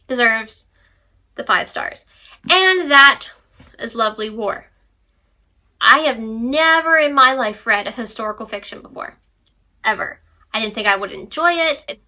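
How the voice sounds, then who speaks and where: A woman's voice: on the high side, sharp tone. A young woman chatting casually about books she read, rambling with playful asides. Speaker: book vlogger. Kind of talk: casual book review chat.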